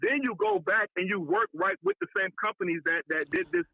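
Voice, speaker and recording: A man's voice: high voice, huge pitch swings, a little fast, vocal fry, dry recording. Challenging male caller on a muffled line. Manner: challenging, keeps saying "brother". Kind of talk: heated call-in debate.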